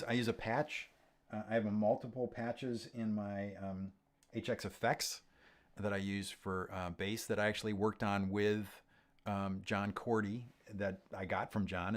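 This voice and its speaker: A deep, low-pitched man talks through viewer questions on his livestream. He rambles casually, stopping and restarting often with ums, and sounds middle-aged and unhurried. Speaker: host of a gear livestream. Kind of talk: casual livestream chat reading comments.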